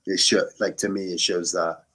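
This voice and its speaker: A man's voice: deep voice, little pitch movement, normal speed, a bit bright, husky. An English man in his thirties, a musician guest talking earnestly and rambling with many restarts in a casual podcast interview. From England. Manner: rambling, self-correcting, earnest.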